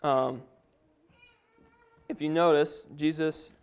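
Smooth-voiced man preaching. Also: fairly high pitch, fairly even intonation, slow pace. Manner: reads scripture aloud, then explains it with restarts and slips. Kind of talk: sermon.

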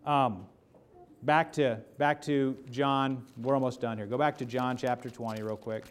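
A man's voice: medium pitch, steady tone, moderate pace. A man preaching a casual sermon, joking and putting questions to the congregation. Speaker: pastor. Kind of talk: conversational sermon.

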